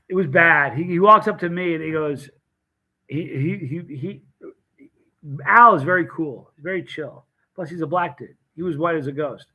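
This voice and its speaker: Man, fairly high voice, live-stream host, casual storytelling, animated, self-mocking. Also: muffled recording. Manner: animated, acts out the people in his stories.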